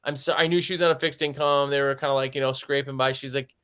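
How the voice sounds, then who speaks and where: Talking fast in a steady, smooth, slightly bright medium-pitched voice, a window cleaning business owner swaps stories on a podcast in a relaxed, chatty way, leaning heavily on the word "like".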